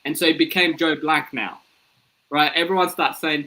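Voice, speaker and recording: A man's voice: on the high side, normal speed, rough recording. A man in his thirties, a comedian guest, telling stories in a casual interview and acting out the voices of people in them. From Ethiopian, born in Sudan, raised in Australia. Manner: animated, acts out voices in his anecdotes.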